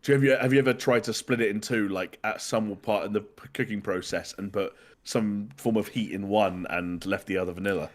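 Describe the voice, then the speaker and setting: A man's voice: fairly low pitch, fairly even intonation, a little fast. A man from the UK hosting a podcast in casual chat, rambling and restarting his sentences. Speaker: podcast host.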